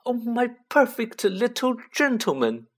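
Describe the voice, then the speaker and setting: Storybook: prim fussy housewife, shrill gushing falsetto, put on by a male reader. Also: sing-song, a little slow, heavily acted.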